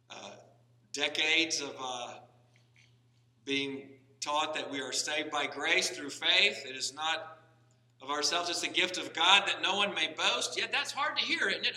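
A pastor preaches a sermon in a church sanctuary, his medium-pitched, bright voice moving at normal speed with a forceful edge. He talks conversationally, often restarting, then rises into emphatic stress. The recording is echoey, captured from far off in the church hall.

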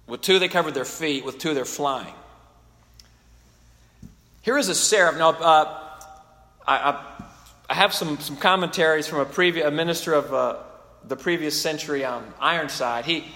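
A man's voice: fairly high pitch, pushed and bright. A man preaching a sermon in an earnest, emphatic way, often restarting his sentences, in a church. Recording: long reverb of a large hall.

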